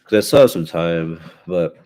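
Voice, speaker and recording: A young man with a stuffy nose hosts a live solo podcast in a very low voice. He rambles through casual chat, swearing freely and stopping to restart his sentences. His talk is loose and unscripted. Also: expressive, normal speed, mellow, clean tone. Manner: rambling and profane, with many fillers and restarts. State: stuffy from allergies. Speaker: podcast host.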